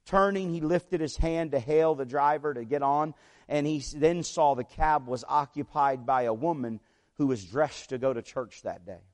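A man's voice: fairly high pitch, normal speed. A man preaching a sermon, telling a story in a conversational way and checking in with the congregation. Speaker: pastor.

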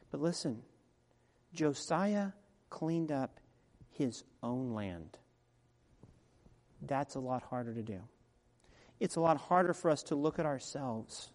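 Conversational preacher in a reverberant hall. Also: male voice, medium pitch, lively intonation, takes it slowly, long pauses. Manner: conversational preaching, swings between soft asides and loud emphatic peaks. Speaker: pastor. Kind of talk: sermon. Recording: long reverb of a large hall.

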